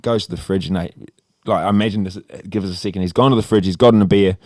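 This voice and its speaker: A man's voice: fairly low pitch, steady tone, quick pace, a little mellow, no echo, studio quality. Rambling Australian man telling a story. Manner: rambling, laughing, swears freely. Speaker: podcast co-host. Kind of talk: casual storytelling chat.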